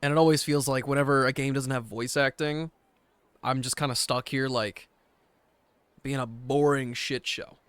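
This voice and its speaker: Bright, smooth-voiced rambling male streamer. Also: medium pitch, fairly even intonation, moderate pace, no echo. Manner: rambling, self-deprecating overthinker. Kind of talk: casual gaming stream chat.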